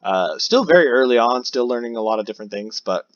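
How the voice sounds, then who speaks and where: A man's voice: medium pitch, expressive, fast. A man giving casual gameplay commentary as a new content creator, rambling and chatty with many fillers. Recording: dull lo-fi recording.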